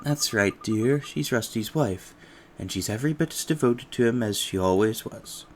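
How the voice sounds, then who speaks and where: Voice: medium pitch, animated, moderate pace, slight background noise, lightly acted. A game player voicing a chatty, gossipy old woman neighbor who fusses sympathetically, reading game dialogue aloud.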